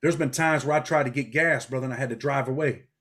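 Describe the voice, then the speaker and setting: Fast-talking New man, blunt and streetwise. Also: mid-range voice, a bit bright. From New York. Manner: blunt street talk, frequent "man" and "bro". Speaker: interview guest, former prisoner. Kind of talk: casual interview storytelling.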